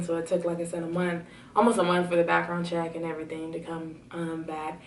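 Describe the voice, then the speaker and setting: A young woman telling a personal story to her camera at home, chatty with many fillers and excitement. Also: fairly low pitch, a little fast, a little hiss or hum. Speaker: vlogger. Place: home room. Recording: roomy, slightly distant camera audio.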